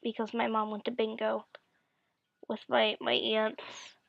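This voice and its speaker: Young woman telling a story, gravelly. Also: fairly high pitch, completely flat delivery, measured pace, no echo, dull audio. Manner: chatty, full of "like", acts out quotes. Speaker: vlogger. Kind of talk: storytelling monologue.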